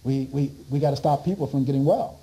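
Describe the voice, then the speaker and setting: A man's voice: medium pitch, fast, mellow, a little hiss or hum, voice pushed down, lightly acted. A man voicing a flustered male association director who hesitates and backpedals. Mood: evasive.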